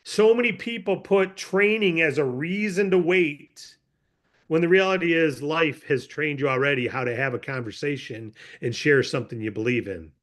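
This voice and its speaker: A man's voice: a little high, moderate pace. A man training a sales team, talking with energy and acting out scenarios. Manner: animated, acts out sales scenarios. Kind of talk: motivational sales talk.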